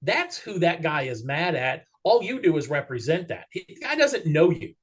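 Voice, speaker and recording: Animated male storyteller, fairly high voice. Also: moderate pace, husky. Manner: animated storyteller who acts out quoted dialogue. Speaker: guest, regional vice president of an auto parts chain. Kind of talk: casual interview storytelling.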